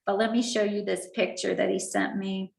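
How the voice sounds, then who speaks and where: A middle-aged woman earnestly telling a personal story as a guest, halting and restarting her sentences. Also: mid-range voice, little pitch movement, gravelly. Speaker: guest speaker. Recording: roomy echo.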